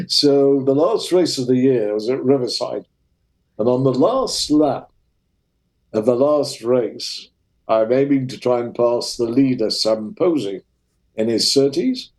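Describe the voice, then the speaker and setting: A man's voice: mid-range voice, takes it slowly, low-quality recording. An older man with a Lancashire English accent, a retired racing driver telling vivid anecdotes as an interview guest. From Lancashire, England. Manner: lively, vivid storyteller.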